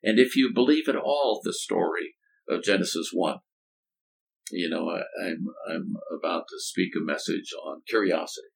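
A deep-voiced older man with a gravelly, creaky edge talks through ideas in a conversational, storytelling way. He often doubles back on his words and drops in homespun phrases. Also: low-quality recording. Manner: thoughtful, halting restarts, folksy turns of phrase. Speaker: former college president and speaker.

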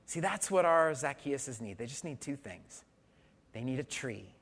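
A man's voice: medium pitch, animated, a little slow, fairly bright tone. A man preaching a conversational sermon, telling stories and asking the congregation questions. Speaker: pastor.

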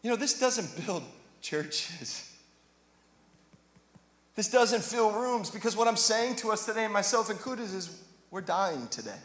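A man's voice: high-pitched, animated, a little slow, pauses often, a bit bright. A man preaching a sermon in a church, conversational and joking, then rising to passionate emphasis. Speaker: pastor. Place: church sanctuary. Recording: echoey hall reverb.

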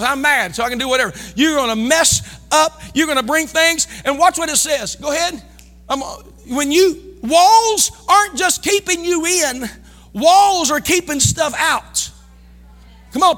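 A middle-aged man with a Midwestern American accent preaching a sermon as pastor, folksy, swinging between loud shouting and quiet asides. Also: very high-pitched. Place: church sanctuary. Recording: long church reverb.

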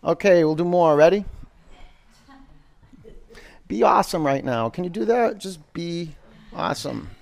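A man with a somewhat high voice leads a yoga class in a studio. He calls out poses, counts down each hold and jokes and pushes his students in a coaching manner. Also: animated, unhurried, vocal fry, long pauses, darkish tone. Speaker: yoga instructor. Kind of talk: live class instruction.

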